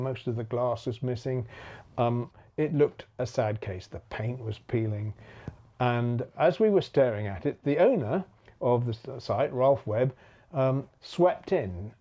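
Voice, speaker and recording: Guy spinning a yarn, mellow voice, jumps way up when quoting people, bit muffled. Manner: animated storyteller, acts out quoted voices with big pitch jumps. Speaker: bus preservation volunteer. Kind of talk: anecdotal storytelling talk.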